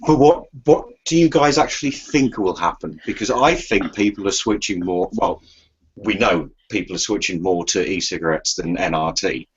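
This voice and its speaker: Husky man asking questions. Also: low-pitched, animated, moderate pace. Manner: asks probing questions. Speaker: show host. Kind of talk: casual chat. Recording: dull lo-fi sound.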